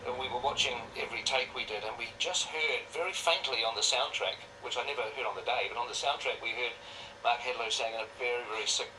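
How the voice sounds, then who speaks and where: A man's voice: medium pitch, fast talker, few pauses. A man hosting a live question-and-answer stream in a chatty, anecdotal storytelling way. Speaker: film director hosting a live Q&A. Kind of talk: casual live-stream chat. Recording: distant mic, faint noise.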